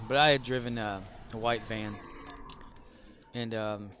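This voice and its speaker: A man's voice: medium pitch, takes it slowly, fairly bright tone, faint music behind. A man livestreaming, casually telling family stories in a rambling way with fillers. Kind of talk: casual storytelling on a game stream.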